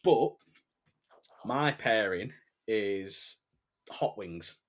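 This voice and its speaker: A man's voice: fairly low pitch, expressive, extremely slow, a little hiss or hum. Chatty man, casual podcast host. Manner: laughs often, swears freely, chatty. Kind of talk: casual chat.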